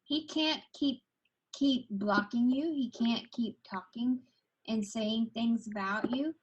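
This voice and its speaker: Husky woman giving firm advice. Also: fairly high pitch, slow. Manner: firm, reassuring. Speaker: friend. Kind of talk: supportive casual chat. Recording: dull lo-fi sound.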